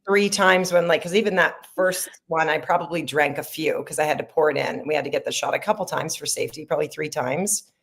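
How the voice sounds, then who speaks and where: A woman's voice: sits low, a little fast, few pauses. A middle-aged woman in casual chat about making her sketch comedy, chatty and rambling. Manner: chatty, rambling, laughs often. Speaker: sketch comedy creator and lead actor. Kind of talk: casual behind-the-scenes chat.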